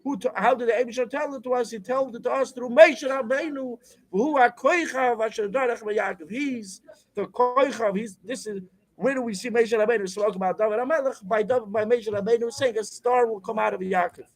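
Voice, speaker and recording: High-voiced man teaching a Torah class. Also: fairly quick, poor audio. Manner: explains text, asks and answers his own questions.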